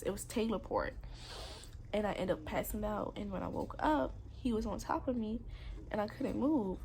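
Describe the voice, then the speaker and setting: A woman's voice: medium pitch, normal speed, gravelly, dark tone, a little hiss or hum. A young woman candidly telling a painful personal story in a confessional vlog, emotional and rambling.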